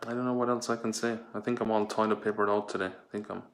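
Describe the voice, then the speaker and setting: A man's voice: on the low side, level tone, quick pace, natural voice. A man playing a vain, gushing toilet paper fashion persona in a campy improvised comedy sketch at home. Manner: campy, breathless, gushing over his look. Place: home indoors. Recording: echoey room.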